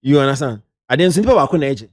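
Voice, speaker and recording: A middle-aged man with a Ghanaian accent, an entertainment journalist sharing lively anecdotes in a casual interview, slipping into local slang. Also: mid-range voice, rapid-fire, dry recording.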